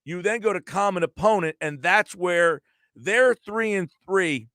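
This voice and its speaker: Male radio host, higher-pitched and animated, dry close sound, thinks aloud. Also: a little slow, no echo. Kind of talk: live sports talk radio.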